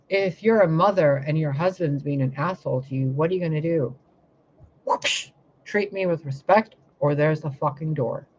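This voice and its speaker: A woman's voice: low voice, muffled recording, slight background noise. A woman tarot reader giving an impassioned spiritual monologue, fiery and confrontational, full of swearing and rhetorical questions.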